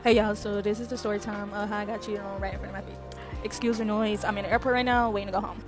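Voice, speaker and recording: Quick, chatty woman telling a storytime. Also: mid-range voice, level tone, music in the background. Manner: chatty, addresses viewers as y'all. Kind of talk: casual storytime. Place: airport.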